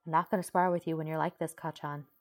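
A woman voicing a gentle young man hero, soft-spoken, caring and lightly teasing. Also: deep voice, level tone, quick pace, lightly acted. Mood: worried.

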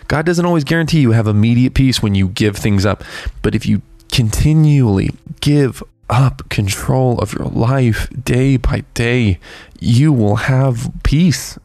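A man giving an earnest, candid devotional talk as a preacher, halting and restarting as he reflects. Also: medium pitch, a little mellow, dry recording. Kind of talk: devotional talk on a worship song. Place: outside a church.

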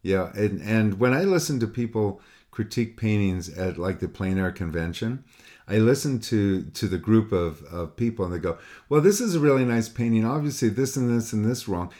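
A painting teacher with a low, dark voice explains painting to a student over a call, speaking at normal speed with lively intonation. His casual critique rambles loosely, repeating words and acting out student replies in other voices.

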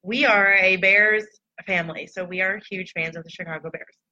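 A woman's voice: mid-range voice, fairly even intonation, moderate pace, sharp tone. A woman talking casually and candidly to her online followers in a reflective, loose storytelling way. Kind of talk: casual personal talk to followers. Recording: dull lo-fi recording.

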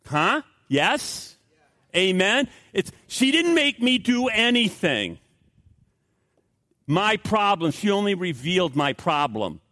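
A man's voice: sits high, very animated, takes it slowly, pushed and bright, dry recording, studio quality. A middle-aged male pastor preaching a sermon in an emphatic, repetitive way with rising outbursts.

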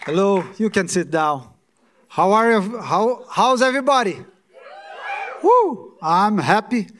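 A man's voice: high-pitched, lively intonation, moderate pace, a bit bright, some chatter behind, slight background noise. A man in his forties, a pastor, praying and preaching with emphatic repeated phrases. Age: 40s. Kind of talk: sermon with prayer.

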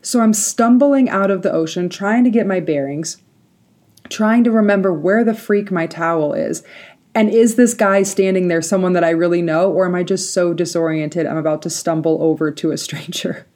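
A young adult woman hosting a solo podcast, telling a personal story in a lively, chatty way full of fillers and laughs. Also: on the low side, moderate pace. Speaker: podcast host.

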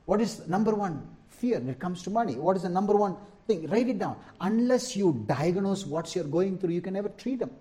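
A man's voice: high-pitched, animated, a little fast, hardly any pauses, dark tone. Man preaching with emphatic repetition. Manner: emphatic preaching, repeats key lines, asks the congregation "Amen?". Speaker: pastor. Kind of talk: sermon.

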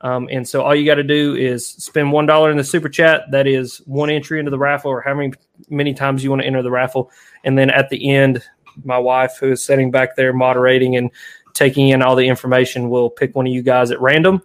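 A man hosting a casual fishing live stream, rambling and laughing as he tells stories. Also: medium pitch. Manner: rambling, laughs often, animated storyteller. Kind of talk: casual chat.

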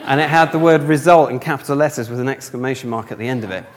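A man's voice: mid-range voice, racing. A young man from the north of England telling a humorous, self-mocking story in a sermon, acting out the dialogue. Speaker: speaker. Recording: long hall reverb.

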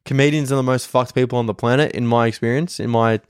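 A man's voice: medium pitch, fairly even intonation, fast talker, smooth, dry recording, clean studio sound. A man in his twenties with an Australian accent, hosting a casual solo podcast and telling rambling, profane stories. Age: 20s. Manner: profane, rambling storyteller who acts out others' lines. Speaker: podcast host, comedian.

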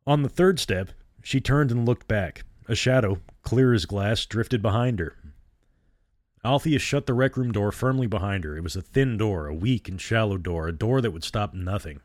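Male storyteller, deep-ish voice, measured horror narration, dead-dry booth sound. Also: lively intonation, no echo.

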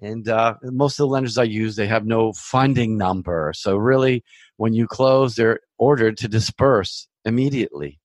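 A man's voice: fairly low pitch, moderate pace, dry recording. A man hosting a podcast, giving casual, reassuring advice in a chatty monologue that often repeats itself. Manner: chatty, reassuring, repeats himself, conversational asides. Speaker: mortgage loan officer hosting a podcast.

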